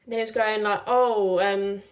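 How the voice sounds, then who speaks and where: A woman's voice: medium pitch, fairly even intonation, moderate pace. A young woman casually telling a personal story, chatty with lots of filler "like"s. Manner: chatty, many "like"s, acts out quoted lines.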